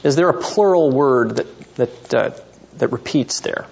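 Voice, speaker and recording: A man's voice: mid-range voice, measured pace, creaky, darkish tone, slight background noise. Man teaching a Bible class, lo-fi sound. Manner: quizzes students by name, thinks aloud. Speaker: seminary professor. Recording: dull lo-fi classroom recording.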